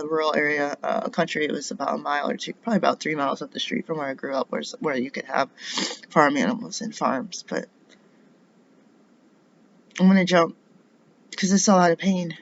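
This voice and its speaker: A woman's voice: deep voice, fairly even intonation, fairly quick, gravelly. An indignant middle-aged woman rambles through a personal monologue and fires off rhetorical questions. The recording sounds dull and lo-fi. A faint hiss sits underneath. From United States. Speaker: vlogger.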